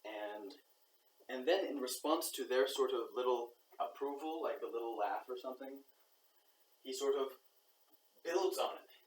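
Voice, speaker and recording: A man's voice: mid-range voice, a little slow, long pauses. Man musing aloud in an echoey room. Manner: thinking aloud, acts out quoted reactions. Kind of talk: reflective monologue. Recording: roomy echo, far from the mic, faint background noise.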